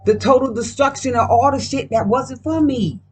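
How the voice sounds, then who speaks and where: A woman's voice: high voice, normal speed, breathy edge. A woman doing a casual card reading at home, talking in a profane, emphatic, rambling way. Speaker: card reader.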